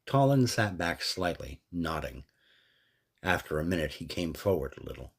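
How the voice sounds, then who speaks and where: A man narrating a fan story in a steady, descriptive way. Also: rumbling low, moderate pace, creaky, husky.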